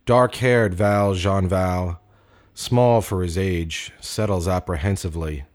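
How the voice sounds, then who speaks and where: A man narrating a story in a measured, deliberate way with dry wit. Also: deep voice, darkish tone.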